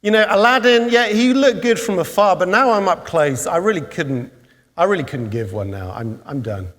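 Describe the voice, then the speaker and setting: A man's voice: sits high, moderate pace, in a large hall. A man doing a bored, shrugging boy. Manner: flat, dismissive drawl. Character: bored, unimpressed young boy.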